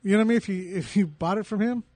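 A man chiming in with quick jokes during a casual chat. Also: high voice, a little mellow, no room sound. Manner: quick joking interjections.

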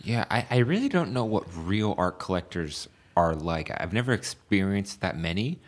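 A man who makes photographs, chatting casually and telling lively anecdotes with filler words. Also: low-pitched, moderate pace. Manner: animated storyteller, acts out quotes. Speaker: photographer and artist. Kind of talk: casual conversation.

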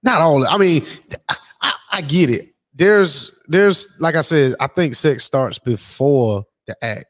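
A man co-hosting a casual chat, joking and telling stories in an animated way. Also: a little high, measured pace, dry recording, studio quality. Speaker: podcast co-host.

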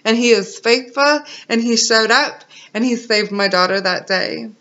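A woman's voice: fairly high pitch, measured pace, fairly bright tone. A woman in her thirties sharing an emotional personal faith testimony as a mother, earnest and encouraging. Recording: dull lo-fi recording.

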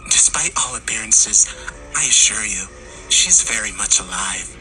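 A man voicing a sinister killer who speaks smoothly and mockingly. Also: on the low side, animated, unhurried, pushed and bright, faint music behind, heavily acted, rough recording. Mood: smug. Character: calm sinister male killer.

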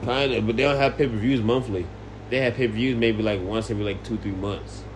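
A man co-hosting a casual podcast, speaking calmly and matter-of-factly. His voice sits on the low side, with faint noise behind him. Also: fairly quick. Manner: calm, matter-of-fact. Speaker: podcast co-host. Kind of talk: casual chat.

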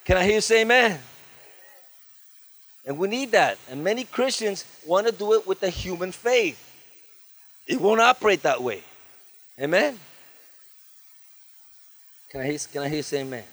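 Guy preaching hard at a church service, high voice, keeps asking for amens. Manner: fervent, calls for amens from the congregation; tells stories with lively asides. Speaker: guest pastor. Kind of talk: sermon.

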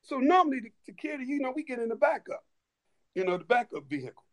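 A man telling stories in a casual chat, animated, with many restarts and laughing asides. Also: extremely high pitch, fast talker. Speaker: guest storyteller.

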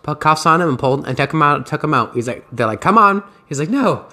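A man's voice: mid-range voice, fast talker, bright, forceful tone. A man hosting a podcast, telling a story in casual, profane, rambling chat. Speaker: podcast host.

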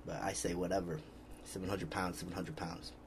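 A man's voice: sits low, little pitch movement, fairly quick, background noise. A man hosting a casual podcast, rambling easily and reading out viewer comments. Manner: laid-back, rambling, reads out viewer comments. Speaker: podcast host. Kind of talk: casual chat.

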